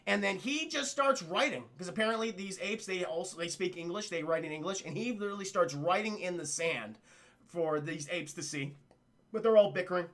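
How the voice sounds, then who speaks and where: A man reviewing a film on a live stream, excitable and profane, acting out characters in quick voices as he recaps scenes for chat. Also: high voice.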